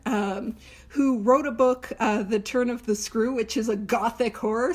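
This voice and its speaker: A woman's voice: fairly high pitch, a little mellow. A woman hosting a recovery book study, talking in an earnest, emphatic, self-deprecating way. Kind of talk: casual teaching talk.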